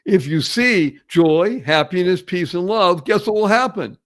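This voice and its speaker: A man hosting a podcast, his voice sitting on the higher side. He talks with enthusiasm and puts a lot of emphasis into urging his listeners along. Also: measured pace, a bit bright. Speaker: podcast host. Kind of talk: podcast interview.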